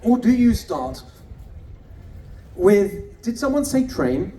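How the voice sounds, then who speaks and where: High-voiced man giving a mocking rally speech. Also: sing-song, slow pace, dark tone, recorded from a distance, a little hiss or hum. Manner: punchy, mocking, rhetorical questions. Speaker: political candidate. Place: outdoor rally.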